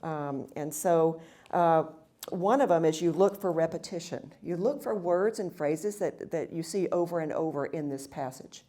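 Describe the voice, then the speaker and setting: A woman's voice: sits low, moderate pace, mellow. A woman teaching a Bible study session at a women's retreat, reading verses aloud and then explaining them with frequent fillers and restarts.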